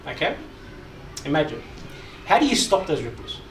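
A man's voice: fairly high pitch, big pitch swings, moderate pace, fairly bright tone. A man preaching to a live group, emphatic and repetitive, constantly checking in with questions to the audience. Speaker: preacher, youth speaker. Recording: echoey hall, mic far off, audible noise.

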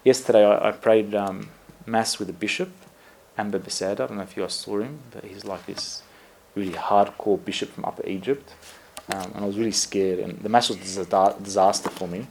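A priest giving a conversational sermon, telling stories in a relaxed way with lots of fillers and self-corrections, often laughing at himself. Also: male voice, fairly low pitch, fairly quick, vocal fry, a little hiss or hum.

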